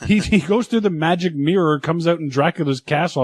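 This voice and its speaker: A man's voice: a little high, fairly quick, no room sound. A man co-hosting a casual movie podcast, making dry sarcastic quips. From Canada. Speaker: podcast co-host.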